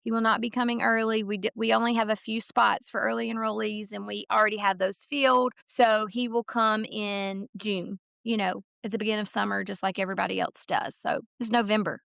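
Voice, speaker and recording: A woman's voice: mid-range voice, level tone, fairly quick, vocal fry, hardly any pauses, fairly bright tone, clear, resonant tone, no echo, studio quality. A middle-aged woman, a podcast guest chatting casually and retelling conversations in quoted voices, with many fillers. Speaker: podcast guest, mother of a college football recruit. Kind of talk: casual storytelling chat.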